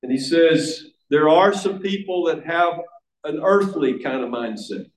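A man's voice: fairly high pitch, expressive, unhurried. A man preaching a sermon in a church, earnest and emphatic, sometimes restarting his phrases. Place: church sanctuary. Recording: echoey church room.

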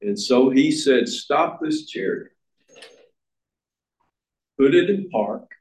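Slow, emphatic preacher in an echoey room. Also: male voice, mid-range voice, sing-song, a little mellow. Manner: slow, emphatic, repeats words for stress. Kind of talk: sermon.

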